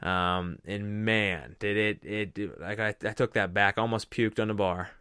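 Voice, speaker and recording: A young man hosts a casual podcast and tells long, animated stories full of swearing and false starts. His voice sits fairly low and sounds smooth and resonant, recorded dry and close with almost no room sound. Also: measured pace, dry recording. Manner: animated, profane, rambling with restarts. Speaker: podcast host. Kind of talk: casual storytelling chat.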